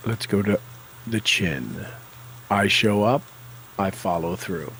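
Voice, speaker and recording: A man leading a guided tapping session, calling out tapping points and repeating affirmations with slow, deliberate coaching cues. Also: low-pitched, a bit bright, slight background noise, rough recording.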